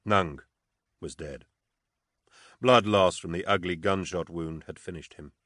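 A man's voice: low-pitched, unhurried, a bit bright, no echo, studio quality. A man narrating fiction steadily as an audiobook narrator.

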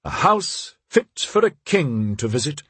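Proud young aristocrat, voiced by a man, storybook, soothing, earnest, lively pitch. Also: unhurried, slightly rough, dry recording, full character voice.

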